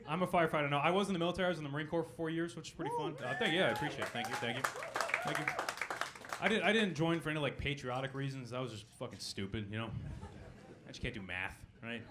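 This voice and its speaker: Fast, animated young man doing stand-up. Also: fairly high pitch, noisy background. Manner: deadpan punchlines with crowd work. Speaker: stand-up comedian. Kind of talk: stand-up comedy set. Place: comedy club stage with audience.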